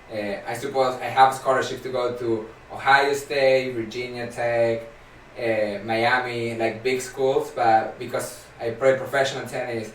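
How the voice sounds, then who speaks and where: A man's voice: medium pitch, distant mic, slight background noise. A young man from Argentina with an Argentine Spanish accent, chatting as a podcast guest in a rambling way with many fillers. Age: young adult. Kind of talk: casual podcast chat. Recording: echoey room, off-mic, faint ambience.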